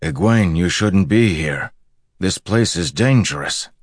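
A man reading a steady young hero in a low, dark voice, barely lifted from his own, calm but urgent and earnest in his warnings. The audiobook sound is dry and close. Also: normal speed, gravelly, no room sound. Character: young man, steady and protective wolf-brother. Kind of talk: audiobook character voice.

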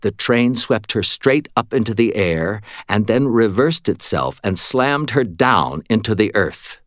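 A man narrating a fantasy novel in the first person, with steady, even storytelling. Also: fairly low pitch, measured pace, dry recording, studio quality. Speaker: audiobook narrator.

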